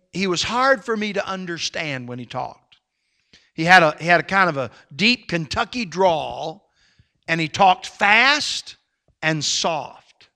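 A male pastor telling a story in a sermon, folksy and animated, with sudden loud swells of emphasis. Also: high-pitched.

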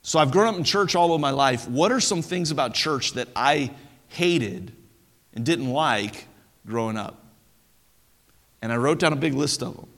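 A man preaching a sermon as pastor, animated and conversational, often stumbling over restarts as he talks. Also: medium pitch, normal speed, big-room sound. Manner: animated preaching with stammered restarts and playful impressions.

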